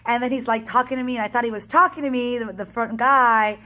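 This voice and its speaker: A woman fitness coach telling a race story in a casual, energetic, chatty way, acting out the back-and-forth. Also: a little high, fast.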